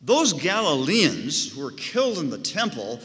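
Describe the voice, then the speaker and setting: A man's voice: on the high side, wildly swooping pitch, unhurried, fairly bright tone. A male pastor preaching a sermon with an emphatic, rising and falling cadence. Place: church sanctuary. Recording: long church reverb.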